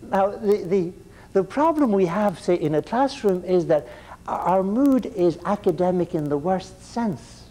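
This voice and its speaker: A man's voice: sits high, animated, unhurried, warm tone. A man giving a classroom lecture in a digressive, joking, conversational way.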